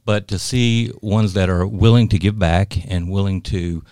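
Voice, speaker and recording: A man's voice: deep voice, fairly even intonation, unhurried, darkish tone, clear, resonant tone, dry recording. A man hosting a casual studio interview, effusive and full of compliments for his guest. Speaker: podcast host and interviewer.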